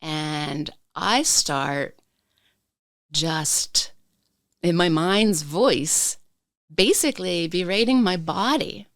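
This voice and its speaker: Woman guest on a podcast telling her story, lowish gravelly voice, slow and thoughtful. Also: animated, a bit bright, no echo, clean studio sound. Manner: slow and reflective, reliving emotions. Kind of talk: personal storytelling.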